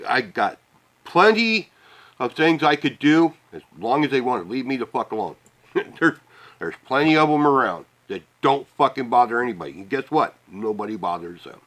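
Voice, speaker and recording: At a medium pitch with a bit of brightness, a Midwest vlogger directs a profane, heated rant at the camera, laughing bitterly along the way.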